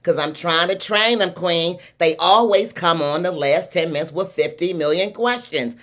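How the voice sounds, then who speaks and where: A woman's voice: fairly low pitch, moderate pace, a bit bright. Woman, Baltimore accent, talk show host, effusive, hyped livestream intro. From Baltimore, USA. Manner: effusive, hypes up her audience.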